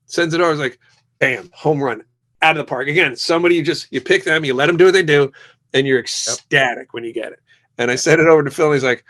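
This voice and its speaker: A man's voice: on the high side, quick pace. A middle-aged man, a guest musician in a casual interview, telling stories and acting out the voices of the people in them. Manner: lively storyteller who acts out quoted exchanges.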